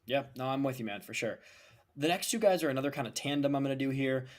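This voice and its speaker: A man's voice: medium pitch, quick pace. Chatty young man talking prospects. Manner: animated, emphatic, lots of "like" and "right?". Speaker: podcast co-host. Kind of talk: casual sports chat.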